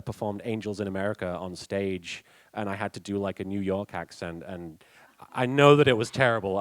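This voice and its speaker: A man's voice: on the low side, no room sound. A young British man answering fan questions at a convention panel, chatty, laughing often and restarting his sentences. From England. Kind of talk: casual panel Q&A.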